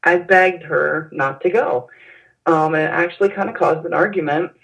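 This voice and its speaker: A woman recalling events in an interview, speaking haltingly with frequent pauses and fillers. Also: low-pitched, steady tone, vocal fry, fairly bright tone. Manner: hesitant, halting with many fillers. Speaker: interview guest. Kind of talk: personal recollection in an interview. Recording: dull lo-fi sound.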